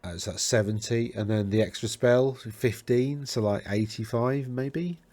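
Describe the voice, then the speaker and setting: A man's voice: mid-range voice, a little slow, a little mellow, dry recording. A man hosting a tabletop wargame talk, rambling and correcting himself as he browses lists, with a tickly throat. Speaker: host of a tabletop wargame podcast. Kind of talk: casual talk over game lists.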